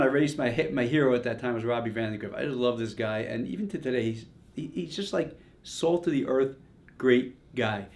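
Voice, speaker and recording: An older man telling a casual, animated story about his racing days, full of "you know" and "like". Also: medium pitch. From Long Island, New York. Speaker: retired drag racer telling a story.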